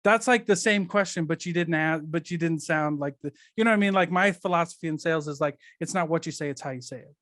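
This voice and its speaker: A man's voice: a little high, quick pace, few pauses, fairly bright tone, no room sound, studio quality. A man chatting casually as a podcast guest, rambling and leaning on fillers as he talks. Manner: rambling, filler-heavy, laughs often. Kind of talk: casual conversational chat.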